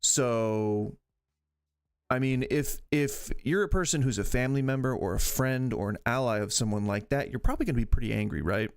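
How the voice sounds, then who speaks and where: Opinionated male streamer, mid-pitched and gravelly, rambling reaction talk. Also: normal speed, dry recording. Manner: opinionated, argumentative, rambles with restarts. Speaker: streamer host reacting to videos. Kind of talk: casual reaction commentary.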